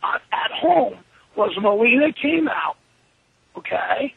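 A man tells stories over a tinny phone line in a very high, gravelly voice. He is profane and animated, and he acts out everyone's lines himself. His voice is raspy and the sound is dry. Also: takes it slowly, no echo. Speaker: wrestler being interviewed. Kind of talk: profane storytelling interview. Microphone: telephone.

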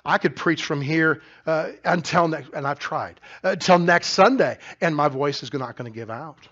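Middle-aged male pastor, loud emphatic sermon, slightly high voice, muffled lo-fi church recording. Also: normal speed. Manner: loud, emphatic preaching with frequent restarts. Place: church sanctuary.

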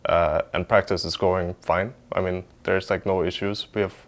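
A man's voice: deep voice, level tone, moderate pace. A man, an esports team player, talking informally in a documentary interview, hedging often with lots of fillers.

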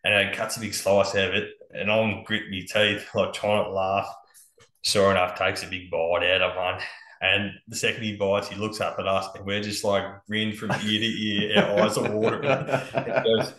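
An Australian man spinning yarns as a podcast guest, his voice bright and forward in a roomy space. He talks in a laid-back way, swearing freely and chuckling along. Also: on the low side, little pitch movement, normal speed. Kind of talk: casual storytelling on a podcast.

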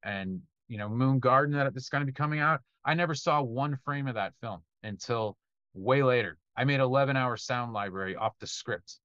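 A man's voice: medium pitch, normal speed, a bit bright, no echo, muffled recording. A man who composes film music, answering student questions in a loose, conversational way, now and then swearing and acting out what directors tell him. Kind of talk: casual Q&A talk.

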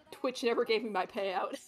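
A woman's voice: fairly high pitch, measured pace, soft background music. A woman streamer chatting and reading a story aloud in a jokey, laughing way.

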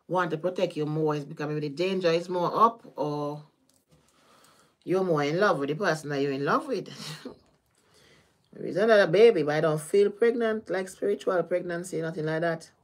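A woman's voice: fairly low pitch, moderate pace. Chatty Caribbean-accented woman tarot reader. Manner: chatty, laughing, drifting between topics. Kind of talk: casual livestream tarot reading.

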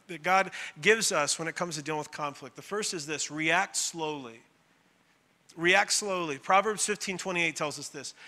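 Pastor, man, 30s. High, bright, emphatic sermon delivery, long hall echo. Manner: builds to emphatic, repetitive rising phrases.

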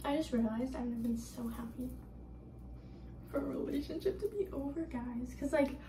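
A young woman chatting casually in a vlog, full of fillers and swearing, slipping into whispers then growing loud and excited. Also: high voice, normal speed, slight background noise, low-quality recording. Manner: heavy filler and frequent swearing. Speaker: vlogger. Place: at home and outdoors.

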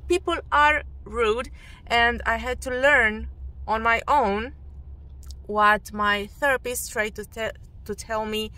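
Woman, 30s, radio presenter type, non-native English, candid vlog delivery, bright tone. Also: medium pitch. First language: Romanian. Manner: loud, emphatic and frank. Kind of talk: casual personal vlog.

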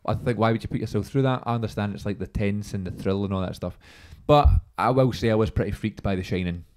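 A man's voice: fairly low pitch, fast talker, a little mellow. A Scottish man hosting a podcast in casual chat, talking with frequent hesitations and restarts. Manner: chatty, hesitant, restarts often. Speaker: podcast host.

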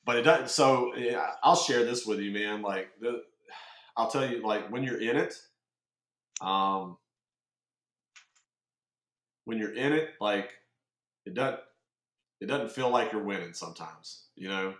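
A man in his forties hosting a podcast, telling stories in a casual, profane, animated way. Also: lowish voice, measured pace, pauses often, reverberant. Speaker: podcast host. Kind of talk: casual interview chat.

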